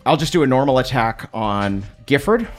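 A man's voice: mid-range voice, very animated, normal speed, soft background music. Joking male tabletop player. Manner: playful, joking. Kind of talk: tabletop game play.

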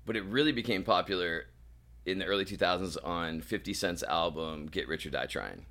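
A man's voice: low voice, lively intonation, fairly quick, a bit bright. A man in his late thirties from Wisconsin, a guest in casual chat, joking and self-deprecating. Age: 30s.

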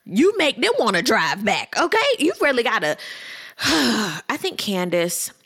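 Female vlogger, animated and sassy, lively pitch, chatty reality TV recap to camera. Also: a little slow, husky. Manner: sassy, animated, addresses viewers as girl and honey. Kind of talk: casual commentary to camera.

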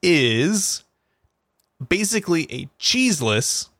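Goofy, excitable male co-host; lively pitch, dry studio mic. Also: slow, no room sound. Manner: goofy, excitable, breaks into laughter and squeals. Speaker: podcast co-host. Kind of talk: casual comedic chat. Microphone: studio mic with headphones and compressor.

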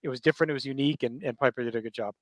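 A man co-hosting a podcast, giving relaxed, conversational commentary with fillers. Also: medium pitch, rapid-fire, no echo. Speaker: podcast co-host. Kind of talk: casual chat.

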